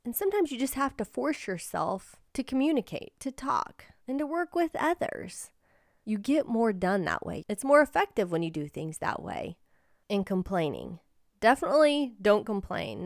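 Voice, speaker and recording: A woman's voice: fairly high pitch, sing-song, moderate pace, vocal fry, dry recording, studio quality. A woman hosting a personal storytelling podcast, telling a story in an earnest, encouraging way. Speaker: podcast host and life coach.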